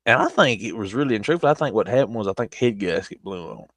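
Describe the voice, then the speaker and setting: A man's voice: on the low side, expressive, fast talker, fairly bright tone, dry recording. Laid-back Southern man telling a story. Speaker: streamer. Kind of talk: casual storytelling.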